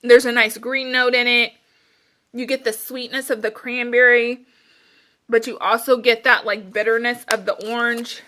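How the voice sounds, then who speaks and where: A woman's voice: fairly high pitch, little pitch movement, moderate pace, sharp tone. A woman casually chatting through her candle reviews, rambling with plenty of fillers and sounding a little out of breath. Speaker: candle and wax melt reviewer. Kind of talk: casual chat.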